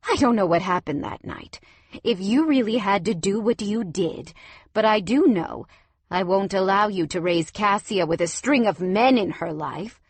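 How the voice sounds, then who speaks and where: A woman's voice: medium pitch, lively intonation, moderate pace, slightly rough, no echo. A woman voicing a scornful middle-aged mother-in-law in an audiobook, cutting and sneering.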